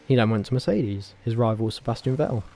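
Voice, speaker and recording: A man vlogging casually, talking in a rambling, animated way with frequent self-corrections and tangents. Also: medium pitch, quick pace. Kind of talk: casual opinionated commentary.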